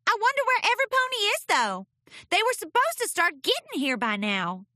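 A woman voicing an excitable little filly pony, a young girl who talks in high, eager exclamations. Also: brisk, no echo, studio quality, heavily acted. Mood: relieved chatty.

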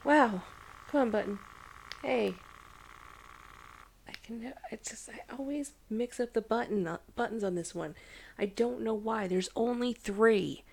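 A woman talking softly and intimately to a listener, half-whispering with breathy, drawn-out words and giggles. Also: a little high. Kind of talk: intimate personal audio recording.

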